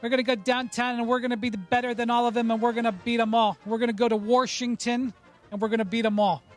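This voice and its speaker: A man's voice: extremely high pitch, level tone, quick pace, soft background music. Man doing a brash Pittsburgh coach. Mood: boastful. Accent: Pittsburgh put-on. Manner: brash chanting swagger. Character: boastful male football coach, Pittsburgh accent.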